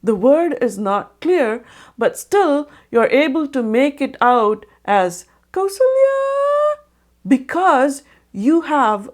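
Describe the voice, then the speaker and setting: A woman narrating an educational video on music and breaking down how melodies are recognized. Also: on the high side. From India. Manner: explanatory, sings short sung examples. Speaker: music explainer.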